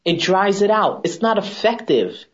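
A woman esthetician talking in an animated, emphatic, chatty way as a guest on a TV segment, on a dull lo-fi recording. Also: mid-range voice, normal speed. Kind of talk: casual TV chat.

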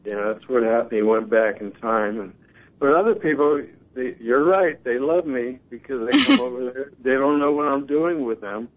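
A man's voice: mid-range voice, normal speed. Earnest man on a tinny phone line. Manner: earnest, animated storytelling, quotes others. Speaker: guest. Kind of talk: casual talk show conversation.

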